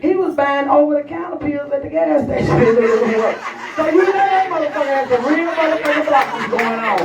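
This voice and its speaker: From a live comedy venue, a woman with a medium, slightly mellow voice does brash, profane stand-up storytelling straight to the crowd. The live recording sounds echoey, distant and dull.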